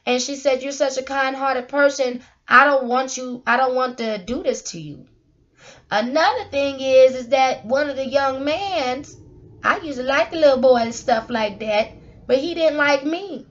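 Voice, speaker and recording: High-pitched woman telling her own story with fervor, dull lo-fi audio. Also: measured pace. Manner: animated, acts out quoted people in raised voice. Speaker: motivational speaker. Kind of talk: personal testimony monologue. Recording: dull lo-fi sound.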